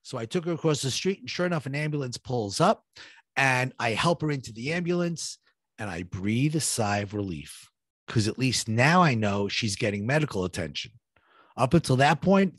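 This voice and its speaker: A fairly high, slightly rough voice belongs to a middle-aged man telling his own survival story as a guest. He makes it vivid, voicing each person's dialogue and building suspense, in a clean studio recording with no echo.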